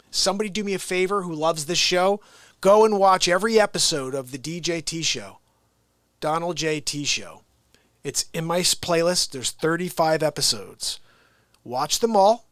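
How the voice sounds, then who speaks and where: A man hosting a show, talking in a casual comedic monologue, rambling and animated, with laughs between jokes. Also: fairly high pitch, a little fast, no room sound. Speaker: comedian and host.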